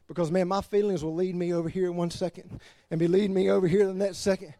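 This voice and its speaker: A man preaching as pastor, animated, laughing between points and dropping to quiet emphasis. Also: high voice, fast, no echo. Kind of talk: sermon.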